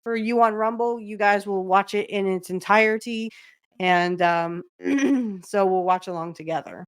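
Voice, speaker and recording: A woman's voice: mid-range voice, unhurried, clean tone, no room sound, clean studio sound. A woman hosting a podcast in casual chat, rambling with many fillers and restarts. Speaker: podcast host.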